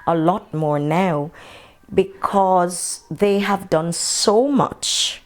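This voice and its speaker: An older woman from Jamaica with a Jamaican accent, telling her memories in an unhurried, matter-of-fact way during an oral history interview. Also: lowish voice.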